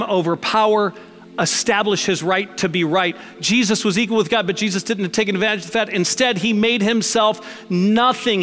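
A man's voice: high-pitched, a bit bright, in a large hall. A man preaching a sermon as pastor, conversational and emphatic, mixing blunt jokes into his points.

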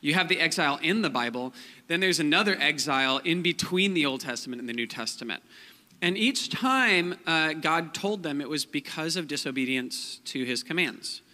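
A man's voice: on the high side, expressive, normal speed, pushed and bright. A young man giving a casual, joking sermon as a pastor, full of fillers like "like" and "um". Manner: chatty, joking, many fillers like "like" and "um". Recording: long hall reverb.

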